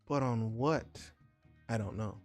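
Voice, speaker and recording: A man's voice: mid-range voice, unhurried, faint music behind. A man streaming his digital drawing, chatting casually and joking with his viewers. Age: adult with a son. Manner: chatty, joking, talks to chat directly. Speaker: digital art livestreamer. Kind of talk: casual livestream chat while drawing.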